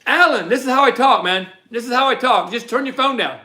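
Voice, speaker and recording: Speaking fairly quickly, this man runs a relaxed live stream as host and reseller, fielding viewer questions as they arrive. He's loud and animated, his high-for-a-man voice bright and forceful, and the talk stays easygoing.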